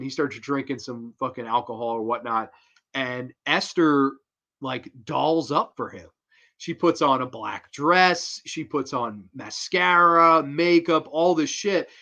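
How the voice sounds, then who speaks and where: A man in his twenties reviewing a horror film in a casual, excitable way, swearing freely. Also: mid-range voice, highs cut off.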